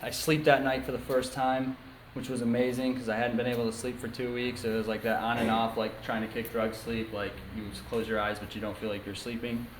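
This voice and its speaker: A man's voice: mid-range voice, level tone, brisk, hardly any pauses, a little hiss or hum. Frank young man in an echoey room. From New York State, USA. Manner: casual, frank storytelling with many ums and you-knows. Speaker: speaker sharing his story at a recovery meeting. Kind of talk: candid personal testimony. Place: meeting room before a small group. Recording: echoey meeting room, faint ambience.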